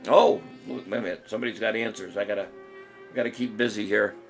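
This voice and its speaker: A man's voice: on the low side, fairly even intonation, fast, faint music behind. A man hosting a casual trivia live stream, joking and chuckling while he reads out viewers' answers. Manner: jokey, rambling, chuckles often, reads commenters' answers aloud. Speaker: trivia show host.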